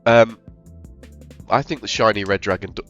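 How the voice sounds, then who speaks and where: A man's voice: fairly low pitch, moderate pace, a bit bright, muffled recording, soft background music. A man, who is ill, casually thinking aloud over his game with rambling, self-deprecating remarks. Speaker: game streamer. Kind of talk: casual gameplay commentary.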